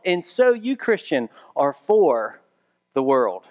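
A man's voice: on the high side, sing-song, slow, a little mellow. Emphatic pastor man preaching. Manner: emphatic, building to raised repetitions. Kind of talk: sermon.

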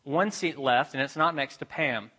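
A man preaching a sermon as a pastor, telling a personal story with animated shifts between loud emphasis and hushed asides. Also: on the high side, normal speed, husky.

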